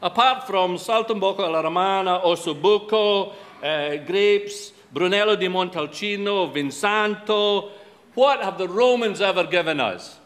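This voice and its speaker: Scottish man, wry self-deprecating humorist, fairly high voice, long hall reverb. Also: a little slow, a bit bright. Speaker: after-dinner humorist. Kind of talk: humorous speech to a live audience. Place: large event hall before an audience. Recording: reverberant hall with light background noise.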